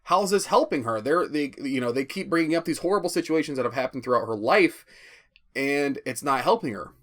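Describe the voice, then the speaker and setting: A man's voice: mid-range voice, fairly quick, a bit bright. A man giving a rambling, profane spoken movie review, often stammering and restarting. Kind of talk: casual spoken film review.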